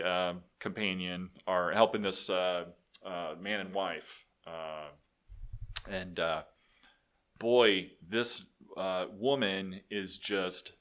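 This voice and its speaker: A middle-aged man, a guest telling animated work stories with many restarts. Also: sits low, slow pace. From Texas. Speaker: guest, business owner. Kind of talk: casual storytelling.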